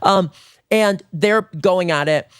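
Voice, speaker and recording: A man hosting a comedy podcast, telling a comic story in an animated way and rushing through lines. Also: smooth, dry recording, studio quality. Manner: animated, rushes through lines, jumps to high squeals for quoted reactions.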